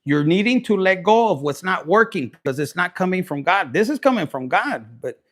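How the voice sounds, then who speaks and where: A man's voice: high-pitched, lively intonation, moderate pace. Crude, joking man reading tarot. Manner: crude, joking, mixes in Spanish slang. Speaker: tarot reader.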